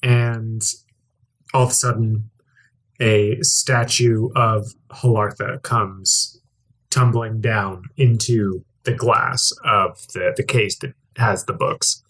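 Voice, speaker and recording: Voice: medium pitch, steady tone, slow pace, fairly bright tone. A young adult game master narrating a tabletop role-playing game, hesitant and full of fillers.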